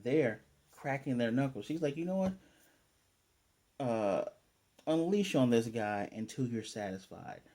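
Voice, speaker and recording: An anime reviewer with a medium-pitched voice recaps an episode at a measured pace, pausing often. He keeps it casual and animated, acting out what the characters say.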